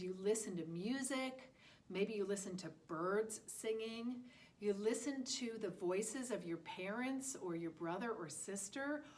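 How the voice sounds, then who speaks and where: Lively sing-song preschool teacher woman. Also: mid-range voice. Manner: sing-song, exaggerated and animated for small children. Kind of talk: lesson for young children.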